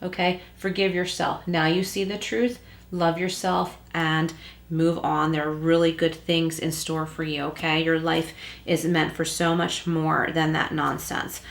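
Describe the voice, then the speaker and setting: A woman's voice: low-pitched, level tone, a little slow, gravelly, roomy sound. A woman giving a tarot reading at home and speaking straight to the listener in a reassuring way. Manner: reassuring, addresses the listener directly. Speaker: tarot reader. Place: room at home with a closed door.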